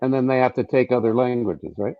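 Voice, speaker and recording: A man hosting a loose comedy round-table, talking in a rambling way full of restarts and quick laughs. His voice comes through a dull, muffled mic, dry and close, with no room sound. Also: medium pitch, dry recording. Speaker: host.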